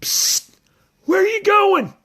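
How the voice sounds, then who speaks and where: A man voicing a timid, nervous young ranch dog in a storybook reading, high and jittery. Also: takes it slowly, bright, forceful tone, heavily acted. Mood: worried.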